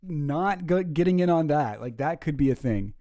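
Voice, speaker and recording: Sardonic streamer dude, mellow voice, dry close sound, rambly. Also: male voice, on the high side, expressive, normal speed, no room sound. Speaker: streamer host. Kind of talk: casual reaction commentary.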